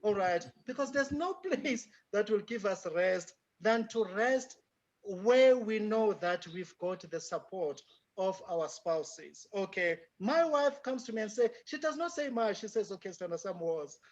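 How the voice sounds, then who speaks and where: A man's voice: sits high, lively intonation, a little slow, dull audio. A South African man giving an emphatic lecture answer, mixing in Zulu phrases as he speaks. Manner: emphatic, mixes in Zulu phrases, laughs often. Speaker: guest speaker.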